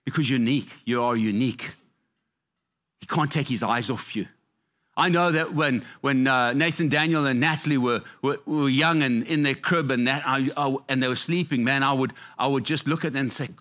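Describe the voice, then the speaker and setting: Middle-aged male pastor, fervent sermon, keeps hammering his points, swings from high peaks to quiet low asides. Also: moderate pace. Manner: passionate, repetitive emphasis, swinging up and down in pitch.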